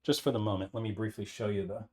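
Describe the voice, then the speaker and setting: A man's voice: fairly low pitch, quick pace. Man casually demonstrating at a workbench. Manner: relaxed, thinking aloud, frequent "right?" checks. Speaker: instructor. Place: workbench with an air filter running.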